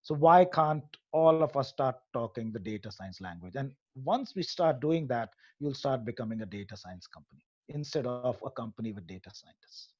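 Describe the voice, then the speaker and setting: A man's voice: medium pitch, expressive, normal speed, hardly any pauses, darkish tone, dull audio. A man, head of an AI hub, giving a presentation in an earnest lecturing way with frequent hesitations. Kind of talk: presentation to an audience.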